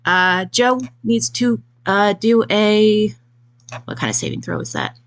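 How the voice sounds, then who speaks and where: A woman's voice: mid-range voice, huge pitch swings, a little slow. Woman player walking through her moves, lots of uhs, plain middle voice. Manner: methodical, filler uhs. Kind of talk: narrating her character's actions.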